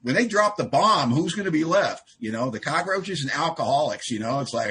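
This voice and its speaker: Husky gravelly-voiced guy at a meeting mic, cracking dry jokes about himself. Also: medium pitch, animated, a little fast, hardly any pauses, sharp tone. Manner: self-deprecating, wry, acts out quoted exchanges. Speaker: AA meeting speaker. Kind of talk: humorous personal storytelling speech. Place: live group meeting.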